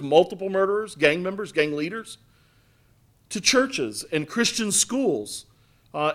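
Earnest preaching man, fairly high voice. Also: fairly bright tone. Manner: earnest, emphatic preaching with repeated phrases. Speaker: pastor. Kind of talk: sermon.

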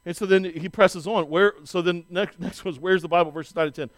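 A man in his forties with a fairly high voice delivers a sermon in an animated, conversational way and keeps slipping into casual asides. The sound is dry and close, with almost no room echo. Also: a little fast, hardly any pauses. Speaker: pastor.

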